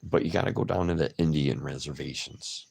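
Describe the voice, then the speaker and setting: A man's voice: very deep voice, brisk, gravelly, darkish tone, slightly rough. A man hosting a casual livestream, chatting loosely and answering viewer comments by name. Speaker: livestream host.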